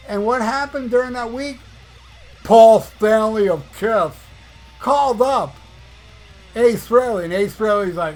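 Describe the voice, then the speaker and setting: A man's voice: sits high, measured pace, long pauses, darkish tone, soft background music. A man hosting a podcast, talking in a casual monologue as a blunt, profane, ranting fan. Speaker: podcast host.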